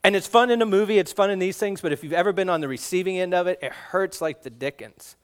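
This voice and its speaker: A middle-aged man delivering a sermon as if talking with friends, joking and drawing the children into it. His voice sits a little higher than most men's. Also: fast talker, clear, resonant tone. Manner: conversational and joking, asks the kids questions. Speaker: guest preacher.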